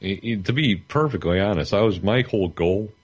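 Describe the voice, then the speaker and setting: A man's voice: lowish voice, expressive, moderate pace, slightly rough. A man co-hosting a podcast, telling a rambling story in casual chat and laughing through it. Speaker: podcast co-host.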